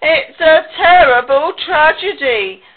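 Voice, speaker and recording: Woman voicing a fussy proud pig, wailing and despairing, husky, tinny phone-like sound. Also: a little high, sing-song, slow pace, heavily acted. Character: fussy proud male pig, prone to melodrama.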